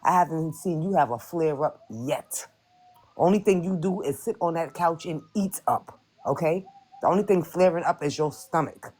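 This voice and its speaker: A woman's voice: low voice, moderate pace, a little mellow, poor audio. A woman on a livestream scolding someone emphatically, punctuating her points with "okay?". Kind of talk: casual livestream rant.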